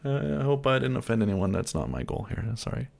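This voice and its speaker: A man from Germany with a slight American accent hosts a casual livestream from home, chatting easily, reading and answering viewer comments, and laughing often. His voice is medium-pitched, animated, and fairly quick, with a creaky, darkish tone.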